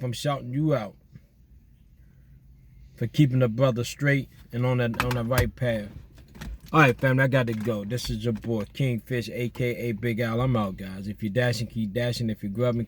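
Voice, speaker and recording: A man chatting casually outdoors at night, giving relaxed, slangy shout-outs to his listeners. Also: medium pitch. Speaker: vlogger doing viewer shout-outs. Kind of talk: casual chat.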